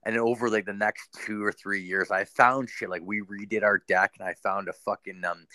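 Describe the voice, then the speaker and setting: A man's voice: on the low side, little pitch movement, moderate pace, bright, forceful tone, dry recording. A young man hosting a podcast, telling a story in a loose, rambling way, swearing constantly and leaning on fillers. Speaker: podcast host. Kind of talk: casual storytelling.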